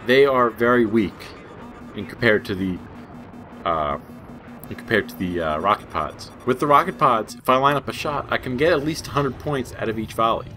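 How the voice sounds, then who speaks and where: A man's voice: mid-range voice, normal speed, pushed and bright, soft background music. A young man giving casual gameplay commentary, rambling and jokey, laughing at his own asides. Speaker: gaming channel host.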